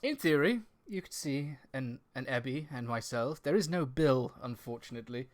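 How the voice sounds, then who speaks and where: A man's voice: mid-range voice, lively intonation, moderate pace. Giggly, self-deprecating male podcast host. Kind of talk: casual live-streamed chat.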